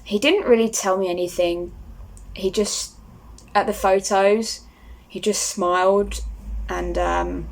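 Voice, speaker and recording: A woman's voice: medium pitch, fairly even intonation, slow pace, creaky, long pauses. A young woman, talking casually to camera as a vlogger and rambling with lots of fillers. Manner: rambling, starstruck, many fillers.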